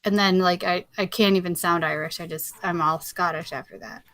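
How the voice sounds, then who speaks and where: A woman's voice: fairly low pitch, fairly even intonation, a little fast, a bit bright, no echo. A woman chatting casually on a group video call, rambling and laughing often.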